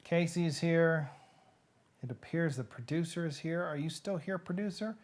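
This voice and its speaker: This is a man whose voice sits somewhat high for a man, hosting a live reading show online. He chats casually and makes jokes, speaking right to the people watching. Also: moderate pace. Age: adult with nieces and nephews who have babies. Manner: chatty and joking, talks straight to viewers. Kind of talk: casual live-stream chat.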